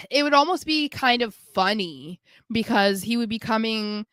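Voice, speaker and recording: A woman's voice: a little high, animated, a little slow, a bit bright, dry recording. A woman co-hosting a podcast, chatting casually and rambling with lots of "like". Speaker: podcast co-host. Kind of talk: casual chat.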